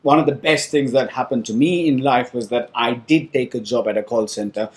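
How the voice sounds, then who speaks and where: A man in a casual talk. He tells his stories with animation, slipping into other people's voices to act out what they said. His voice sits in a middle pitch. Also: fairly quick. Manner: animated storytelling, acts out other people's lines. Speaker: host. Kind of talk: casual conversation.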